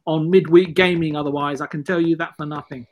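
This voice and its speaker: A man co-hosting a gaming podcast, quick and chatty, teasing the host. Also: on the high side, steady tone. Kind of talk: casual panel chat.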